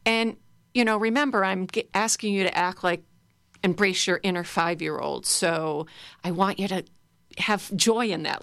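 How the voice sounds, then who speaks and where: A woman's voice: mid-range voice, normal speed, fairly bright tone, no echo. A middle-aged woman instructor leading a guided laughter exercise class in a playful way, chanting and laughing along.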